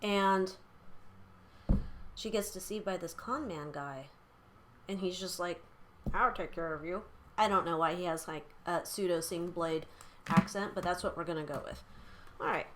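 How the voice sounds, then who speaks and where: A woman's voice: on the low side, moderate pace, long pauses, background noise. A young woman giving a casual tarot reading, chatty and blunt, swearing freely and using lots of fillers. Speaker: tarot reader.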